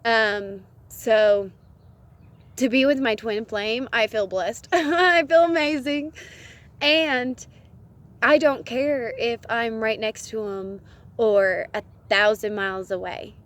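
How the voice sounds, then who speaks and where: A woman's voice: fairly high pitch, fairly even intonation, takes it slowly, a bit bright. A woman giving relationship advice in a casual vlog, earnest and laughing often between phrases. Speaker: vlogger.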